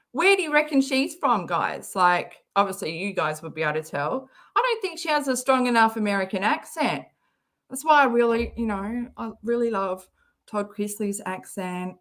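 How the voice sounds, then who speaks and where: Reacting to a clip on her livestream, an Australian host chats casually and giggles while reading out viewer messages. Her voice is a little high, with a fairly bright tone.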